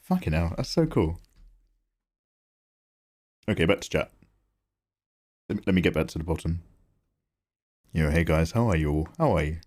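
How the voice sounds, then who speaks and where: A man talking casually to his viewers on a live drawing stream, his pitch leaping up and down whenever something delights him. He swears freely and gets excited easily. His voice sits close on the microphone. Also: moderate pace, pauses often.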